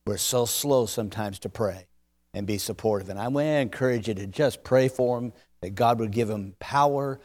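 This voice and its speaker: A man preaching as a visiting speaker, joking and poking fun at himself as he stumbles over his words and grows louder and livelier. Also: medium pitch. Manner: jokey, self-deprecating, stumbling over words; growing louder and more animated as he goes. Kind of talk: sermon with humorous asides.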